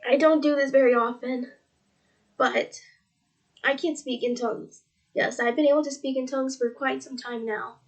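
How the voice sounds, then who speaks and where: A teenage girl with a high voice talks earnestly to her viewers in a faith vlog. She rambles, repeating "he's like" as she quotes, and her voice is tearful. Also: fairly even intonation, moderate pace. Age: teens. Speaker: religious vlogger.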